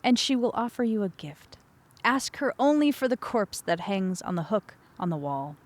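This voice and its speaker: A fretful old father god, as a woman puts him on in a myth she reads aloud. He sounds worried and pleading, with his voice pushed up high and a little louder than her own talk. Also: very animated, moderate pace, close to an everyday voice. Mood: urgent. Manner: anxious, pleading.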